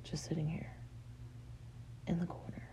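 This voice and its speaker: A woman's voice: moderate pace, mellow, whispered. A woman in her thirties venting candidly in a personal vlog, rambling frankly with fillers and swearing. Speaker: vlogger.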